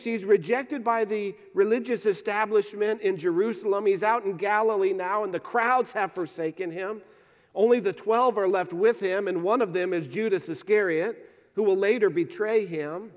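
A man's voice: high-pitched, big-room sound. A male pastor preaching a sermon in a church, earnest, often repeating words as he restarts.

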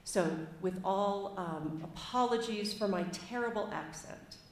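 A woman's voice: medium pitch, a little slow. Woman preaching in an echoey room. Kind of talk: sermon with a reading.

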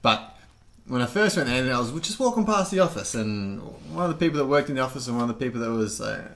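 A man's voice: mid-range voice, expressive, quick pace, fairly bright tone. An Australian man co-hosting a podcast, chatting casually in a rambling, self-deprecating way with frequent laughter. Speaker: podcast co-host.

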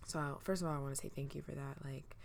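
A woman's voice: fairly even intonation, quick pace, gravelly, a little hiss or hum. A young woman hosting her own podcast, talking alone in a sleepy, hesitant, reflective way with many fillers. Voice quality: low, a little manly voice. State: sleepy, just woke up. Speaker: podcast host. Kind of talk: casual solo podcast monologue.

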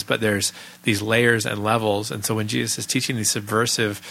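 Bright-voiced male podcast host. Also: lowish voice, level tone, moderate pace, creaky, poor audio. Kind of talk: casual chat.

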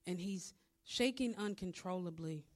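A woman's voice: on the low side, unhurried, a little mellow. A woman preacher giving a conversational, story-driven sermon, retelling a scripture story with asides.

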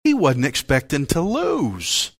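A man preaching a Bible-teaching sermon as pastor, in a folksy, joking and animated way. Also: fairly high pitch, slow pace, gravelly, slightly rough.

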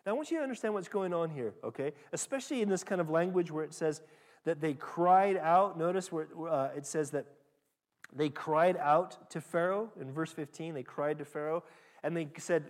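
A man preaching a sermon as pastor, rising loud and high when reading scripture and dropping soft and low when he applies it. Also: moderate pace. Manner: dynamic preaching, pitch and volume rising sharply when reading scripture aloud.

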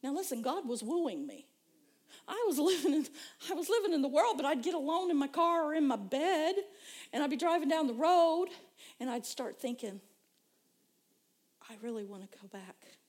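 A woman preacher with a high voice delivers a personal sermon testimony. She tells her story emphatically and with feeling, rising to fervent exclamations. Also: animated, moderate pace, darkish tone.

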